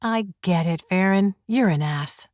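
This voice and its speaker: A woman's voice: on the low side, a little slow, a little mellow, no room sound, clean studio sound, close to an everyday voice. A woman voicing a sarcastic male police constable who needles his colleague, in an audiobook reading. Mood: dry.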